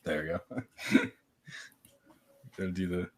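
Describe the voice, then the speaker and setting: A man's voice: low-pitched, flat delivery, unhurried. A man joking around in a casual podcast chat from home, rambling with a lot of "like".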